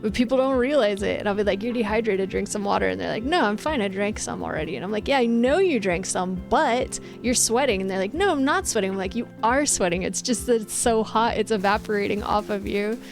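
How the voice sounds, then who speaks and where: A young woman Twitch streamer chats casually with her viewers live, bossy and laughing as she acts out what people say. Her medium-pitched voice is fairly quick with vocal fry and hardly any pauses, and faint music plays behind her.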